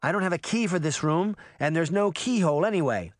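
Man doing a fiery, indignant young girl, raised and lively, for a storybook reading. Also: a little high, brisk, dry recording, studio quality, voice pushed up, close to an everyday voice. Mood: defiant. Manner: heated and indignant.

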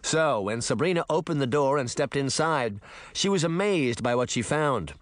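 A man narrating a children's novel in an expressive storytelling manner, voicing each character. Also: medium pitch, moderate pace, no room sound. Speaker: audiobook narrator. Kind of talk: scripted narration.

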